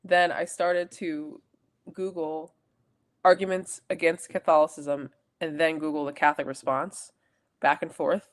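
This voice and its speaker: Young female podcast co-host with a low, casual voice, rambling storyteller. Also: little pitch movement, measured pace. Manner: rambling storytelling with self-corrections and laughs. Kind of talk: casual chat.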